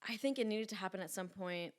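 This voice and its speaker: A woman of about twenty, a podcast guest telling stories in casual chat, animated and full of "like" and the odd swear word. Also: medium pitch, fast talker, dry recording, studio quality. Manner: chatty, animated storytelling with frequent "like" and swearing. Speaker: podcast guest, lifting influencer.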